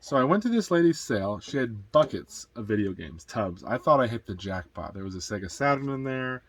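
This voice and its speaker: Dad guy rambling about yard sale deals, middle pitch voice, acts out what people said. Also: big pitch swings, fairly quick, fairly bright tone, no echo. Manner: rambling storyteller, acts out quotes. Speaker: co-host and reseller. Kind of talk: casual chat telling buying stories.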